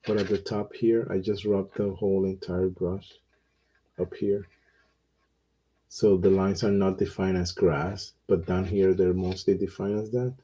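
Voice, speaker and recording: A man teaching watercolor, talking through his painting in a relaxed, unhurried way with pauses and fillers. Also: deep voice, slightly rough, lo-fi sound. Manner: slow, thinking aloud while he paints, with pauses and fillers.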